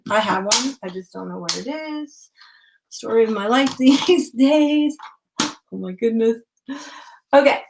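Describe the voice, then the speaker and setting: A woman's voice: fairly high pitch, a little hiss or hum. A middle-aged woman from Connecticut chatting casually and rambling through memories while she works on a craft journal during a livestream. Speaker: craft vlogger.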